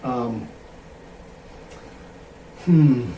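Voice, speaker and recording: A man co-hosting a podcast in casual chat, easygoing and quick to laugh. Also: medium pitch, background noise. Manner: giggly, easygoing, joking. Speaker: podcast co-host. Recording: roomy, distant mic with faint ambience.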